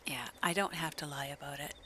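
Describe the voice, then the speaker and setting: A woman in her late fifties, streaming a game and chatting in a soft, half-whispered, slow and gentle way. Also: sits low, background noise. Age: 50s. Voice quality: even, gentle delivery. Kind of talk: casual chat while gaming.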